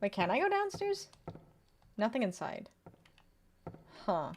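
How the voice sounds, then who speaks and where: A young woman streaming a horror game, chatting casually with viewers, greeting them and reading chat, with sudden excited outbursts between quiet mutters. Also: a little high, takes it slowly, a little hiss or hum.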